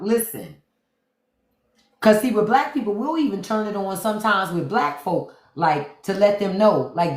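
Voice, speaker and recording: A woman's voice: mid-range voice, expressive, normal speed. Woman host, casual livestream commentary, emphatic and punchy, recorded in a roomy echoey space. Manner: emphatic, repeats "listen" to hold attention; slips in and out of quoted voices to show examples. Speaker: podcast host.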